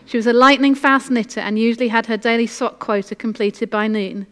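A woman preacher gives an earnest, encouraging sermon and reads a story aloud. Her voice sits a little high. The sound carries in an echoey hall. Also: fairly even intonation, fairly quick, fairly bright tone.

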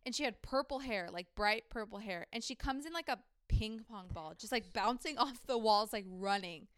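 A woman's voice: on the high side, normal speed, fairly bright tone, clean tone, dry recording, clean studio sound. A young woman co-hosting a podcast, telling a story in a chatty way, full of "like", acting out the people she quotes. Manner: chatty, heavy use of "like", acts out quoted people. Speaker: podcast co-host. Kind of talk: casual storytelling chat.

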